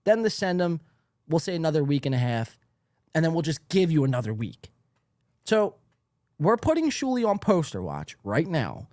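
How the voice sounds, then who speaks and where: A man's voice: a little high, sing-song, moderate pace, darkish tone, dry recording. A man hosting a podcast, ranting in a profane, mock-outraged monologue into a studio mic. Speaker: podcast host.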